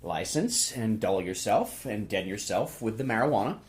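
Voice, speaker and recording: Man voicing a brusque woman clerk, swooping pitch, hurried. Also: animated, slight background noise, close to an everyday voice. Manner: brusque, rattling off questions.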